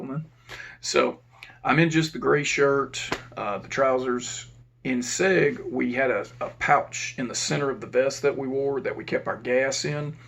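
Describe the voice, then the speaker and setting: A man with a gravelly, middle-pitched voice spins a casual war story from his days as a prison officer. He talks bluntly and swears freely, keeping a laid-back, conversational pace. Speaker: former prison officer telling war stories.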